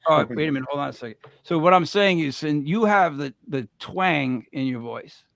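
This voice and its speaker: High-voiced Rhode Island man, bantering. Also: normal speed, vocal fry, no room sound, clean studio sound. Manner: animated, drops his R's, jokey. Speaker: podcast co-host. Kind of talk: casual podcast banter.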